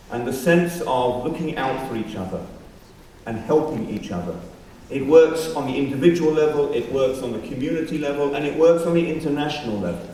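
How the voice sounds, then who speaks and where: Rabbi in a very echoey hall. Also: male voice, mid-range voice, warm tone. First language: not Australian-born. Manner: measured, wry asides. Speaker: rabbi addressing a school assembly. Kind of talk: formal speech. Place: large school hall. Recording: very echoey hall from far off, faint background noise.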